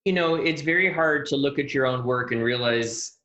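A man talking as a podcast guest in a relaxed, animated way, often laughing and acting out the voices in his head. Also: mid-range voice, moderate pace. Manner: animated, acts out quoted inner voices. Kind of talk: conversational interview. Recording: roomy echo.

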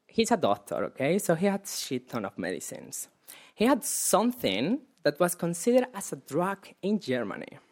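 A man telling a story on stage at a live show, animated and swearing, laughing through his lines. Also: high-pitched.

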